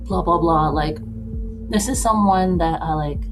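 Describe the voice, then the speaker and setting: Young woman, low-ish voice, unhurried filler-laden chat, music clear in the background. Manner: rambling, filler-heavy, many "like"s; laughs between thoughts. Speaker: beauty vlogger. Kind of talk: casual get-ready-with-me chat. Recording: music playing clearly behind voice.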